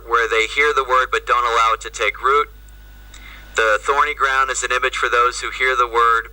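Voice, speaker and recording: A man gives a lively, humorous talk full of asides. His voice is very bright and carries sharply. He sounds distant, as if coming in over a video call. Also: mid-range voice. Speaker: Jesuit priest and speaker. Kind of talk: anecdotal storytelling talk. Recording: distant, remote audio.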